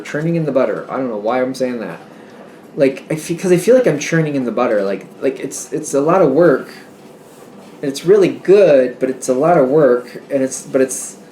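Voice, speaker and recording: A man giving a casual tarot reading, rambling and interrupting himself with animated asides. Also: mid-range voice, reverberant, a little hiss or hum. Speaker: tarot reader.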